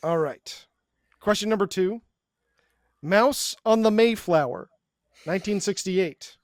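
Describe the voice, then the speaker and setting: Guy w a high voice running a podcast quiz, drawing out each option, dry close sound. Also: dry recording. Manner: reads quiz options slowly and deliberately. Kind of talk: casual podcast chat.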